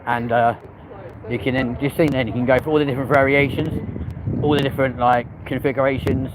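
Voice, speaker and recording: A man's voice: medium pitch, little pitch movement, brisk, noisy background. A man, chatting casually with viewers on a live stream and swearing lightly. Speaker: vlog host. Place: outdoors in a city street.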